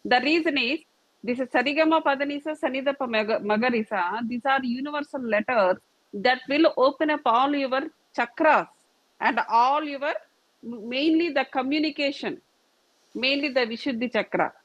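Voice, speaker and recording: High-pitched and moderately paced, a woman leads a yoga and meditation class, patiently repeating herself and demonstrating each posture with gestures. The recording is dry, dull and lo-fi, with no room sound.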